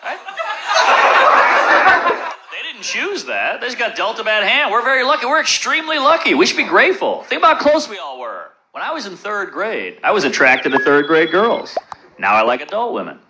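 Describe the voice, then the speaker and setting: Male stand-up comic, fairly high voice, deadpan delivery, noisy live recording. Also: a little fast. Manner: deadpan dark one-liners with crowd asides. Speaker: stand-up comedian. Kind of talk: stand-up comedy set. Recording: loud background noise.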